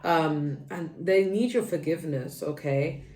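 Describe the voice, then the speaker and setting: A woman's voice: deep voice, a little slow, darkish tone. A woman giving a tarot reading to her viewers, rambling and earnest, with many fillers and restarts. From United Kingdom. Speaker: tarot reader. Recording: echoey room, voice a little far from the mic.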